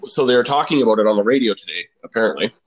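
A man's voice: on the low side, expressive, racing, a little hiss or hum, low-quality recording. Profane rambling man chatting. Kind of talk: casual chat.

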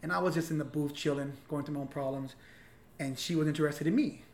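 A man's voice: on the high side, steady tone, fast talker. A man in his forties talking candidly in a casual conversation, earnest and open, swearing freely. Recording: roomy echo, faint hiss.

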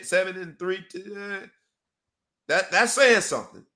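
Guy hosting a sports podcast, bright forceful voice, gets hyped and animated. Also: high voice, moderate pace. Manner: animated, hype-building delivery; rambling sign-off with repeated pleas. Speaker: podcast co-host. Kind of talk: casual sports talk.

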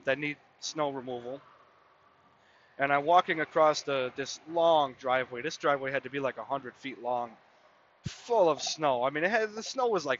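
A man in his mid-twenties with a mid-range, slightly bright voice hosts a podcast, rambling through a casual story stuffed with "I mean" and "you know." The recording has its highs cut off and a bit of background noise.

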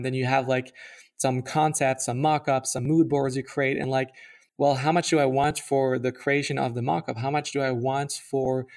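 A man's voice: mid-range voice, vocal fry. A young man co-hosting a podcast in casual chat, rambling with lots of fillers and restarts. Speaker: podcast co-host.

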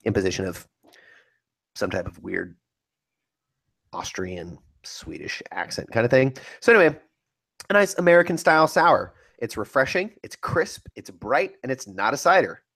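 A man with an average-pitched voice co-hosts a relaxed podcast. His talk is chatty and eager, and he often laughs at his own habits. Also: normal speed, creaky, husky. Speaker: podcast co-host. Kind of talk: casual chat.

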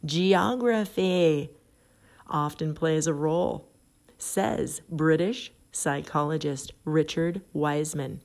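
On her podcast, recorded through a phone app, a middle-aged host reads an article aloud and chats casually, frequently laughing at the text. She speaks slowly in a deep, slightly mellow voice.

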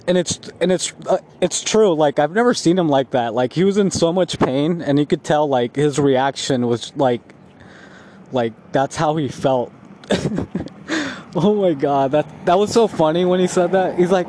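Slow rambling man walking outdoors. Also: a little high, a little hiss or hum. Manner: rambling, laughs often, slow relaxed talk. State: high. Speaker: vlogger. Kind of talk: casual walking vlog. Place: outdoors on a street.

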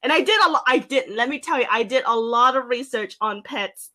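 A young woman telling a casual story on a podcast, filling pauses with "like" and acting out her own past lines. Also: a little high, bright, forceful tone. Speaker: podcast co-host.

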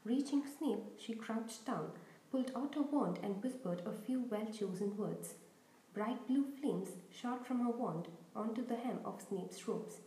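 A woman's voice: a little high, a little slow, reverberant, a little hiss or hum, low-quality recording. A woman narrating a children's novel aloud as host of a reading podcast. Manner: steady storytelling reading. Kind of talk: audiobook narration.

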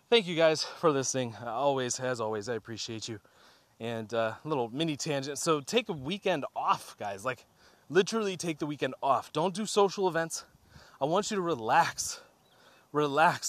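A man's voice: fairly high pitch, moderate pace, no echo. A man hosting a casual motivational talk while out on a walk, getting slightly out of breath, addressing listeners as guys. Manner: energetic, talks to listeners as guys. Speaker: podcast host. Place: outdoors on a walk.

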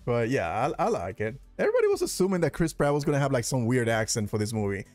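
A man's voice: mid-range voice, huge pitch swings, quick pace, darkish tone, no room sound, soft background music. A man hosting a casual, profane, rambling commentary show about movie news and trailers. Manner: profane, rambling, laughs often. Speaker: host.

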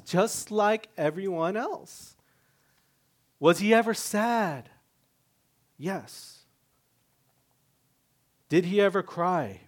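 A man preaching a sermon in a lively, conversational way, with self-mocking humor, sudden loud rises and soft drops. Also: fairly high pitch. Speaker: pastor.

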